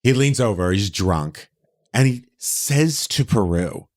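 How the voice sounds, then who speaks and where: A man co-hosting a podcast, chatting casually and telling stories in an animated, theatrical way. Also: lowish voice, slow pace. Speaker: podcast co-host. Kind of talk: casual chat.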